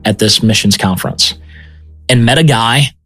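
A man's voice: mid-range voice, moderate pace, dry recording. Man, testimony storytelling, conversational, fillers, music behind voice. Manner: animated, conversational, often says "man" and "right?". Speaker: missionary telling his testimony. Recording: music bed under speech.

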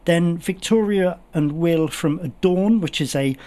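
A man's voice: a little high, unhurried, mellow. Enthusiastic man on local radio. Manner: enthusiastic, gushing with thanks. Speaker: guest fundraiser. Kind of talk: radio interview chat.

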